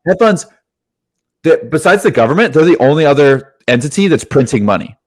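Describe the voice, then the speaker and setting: A young man co-hosting a casual podcast, talking excitedly and swearing often, with "dude" in every other sentence. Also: fairly high pitch, a little fast. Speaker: podcast co-host.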